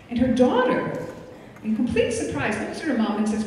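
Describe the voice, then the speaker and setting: A woman's voice: on the high side, big pitch swings, normal speed, darkish tone. Older woman lecturing in an echoey hall. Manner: conversational, acts out quoted parents and children. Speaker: psychiatrist giving a parenting lecture. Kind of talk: lecture to an audience. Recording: echoey hall from far off, faint noise.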